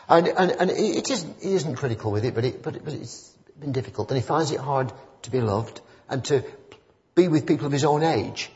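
A man gives a loose, story-filled sermon, wandering between anecdotes before pressing his point with fervour. The recording is dull and muffled. His voice rings with the long reverb of a church hall. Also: mid-range voice. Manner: rambling, conversational, rising to fervent emphasis. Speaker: preacher.

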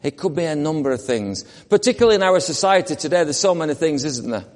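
A man preaching a conversational, animated sermon that acts out the people in the story. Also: a little high, quick pace, long reverb tail.

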